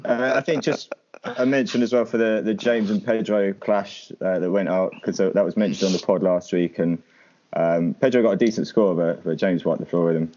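Hesitant male co-host, lower voice, lo-fi sound. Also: steady tone, normal speed, mellow. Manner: hesitant, lots of ums and restarts. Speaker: podcast co-host. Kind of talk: casual podcast chat.

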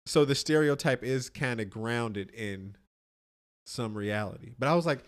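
A man co-hosts a podcast in casual chat. He tells stories loosely and profanely, often restarting mid-sentence. His voice sits at an ordinary pitch for a man. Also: a little slow. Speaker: podcast co-host.

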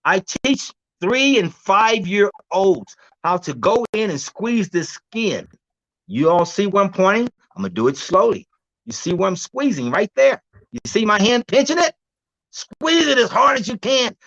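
A man with a notably high voice tells stories with lively energy. He laughs often and acts out the voices of other people. He swings between loud bursts and low, quiet asides. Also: a little slow, no room sound, dull audio. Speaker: guest herbalist. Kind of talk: animated storytelling interview.

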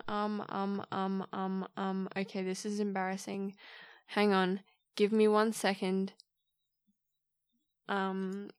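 A young woman hosts a casual solo podcast, chatting and rambling as she retells the story of a film. Her voice is mid-range, and there's no echo.

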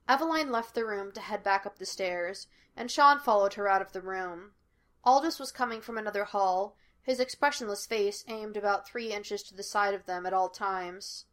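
Woman narrator, podfic reading, light character voices, mid-pitched. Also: normal speed, a bit bright. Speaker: podfic reader. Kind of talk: fan fiction audiobook narration.

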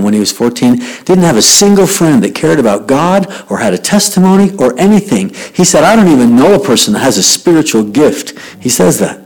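A man's voice: mid-range voice, a little mellow, rough recording. A man from Utah telling a story to young people, acting out both sides of a conversation. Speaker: youth speaker. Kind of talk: storytelling talk to youth.

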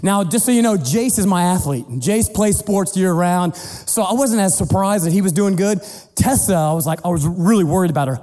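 A middle-aged man preaching as a pastor, telling a family story in an animated, playful way and acting out the voices. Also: sits high, normal speed. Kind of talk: sermon storytelling. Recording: long hall reverb with faint music.

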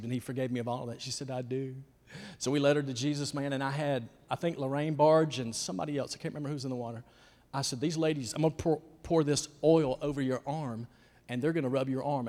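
Man, youth pastor, storytelling sermon, folksy, emphatic, fairly high-pitched, reverberant hall. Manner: folksy and emphatic, swinging from hushed to loud.

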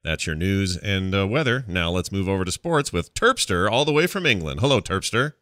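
A man's voice: low-pitched, lively intonation, a little fast, pushed and bright, no echo, studio quality. A man hosting a podcast in an upbeat, joking, chatty way. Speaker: podcast host. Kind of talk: casual chat.

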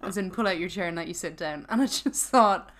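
A woman co-hosting a podcast, chatting casually and jokily about a reality show episode, full of slang and quick to laugh. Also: fairly low pitch, fairly bright tone. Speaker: podcast co-host. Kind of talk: casual recap chat.

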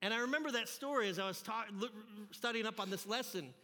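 A man preaches to a youth group in a high, bright voice. He tells his story in an animated, joking way and acts out each scene. The sound carries the long reverb of a church hall. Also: fast talker. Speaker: youth pastor. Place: church sanctuary.

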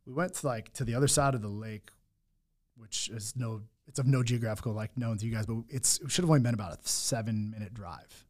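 Guy telling his rough story, raw and blunt, cussing, lots of restarts. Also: mid-range voice, brisk. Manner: raw, blunt, swears often, many restarts. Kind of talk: candid personal storytelling.

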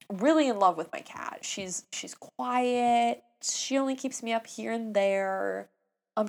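Chatty young woman with a gravelly voice. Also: medium pitch. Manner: chatty, animated, self-mocking. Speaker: vlogger. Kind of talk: casual storytelling.

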